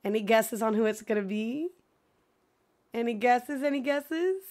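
Excitable high-voiced woman streamer. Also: a little slow. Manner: excitable, swings from gasps to mock dread. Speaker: gaming streamer. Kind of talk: casual live gameplay chat.

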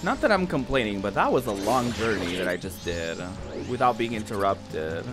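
Animated streamer talking over game music. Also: medium pitch, moderate pace. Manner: exclaiming, swearing at the game, laughing. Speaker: streamer playing a video game. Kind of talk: casual live-stream commentary.

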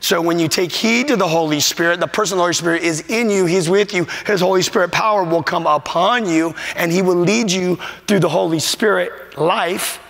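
Man, pastor, emphatic sermon, gravelly, long church reverb. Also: high-pitched, brisk, hardly any pauses, fairly bright tone. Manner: emotional, choked up; emphatic, repetitive preaching cadence. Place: church sanctuary.

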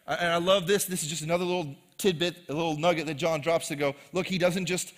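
A man's voice: fairly high pitch, fairly even intonation, quick pace, in a large hall. A man preaching a sermon to a live congregation, casual and joking in tone. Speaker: pastor. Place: live church service.

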